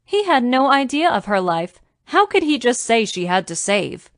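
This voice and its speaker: A woman's voice: fairly high pitch, very animated, normal speed, few pauses, dry recording, studio quality. Woman narrating a romance audiobook.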